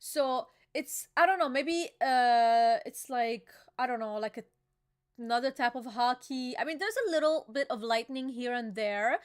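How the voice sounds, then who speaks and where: A young woman hosting a casual live reaction chat, talking excitedly and emotionally with slang and lots of fillers. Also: a little high, a little slow. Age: young adult. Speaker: channel host reacting to a manga chapter.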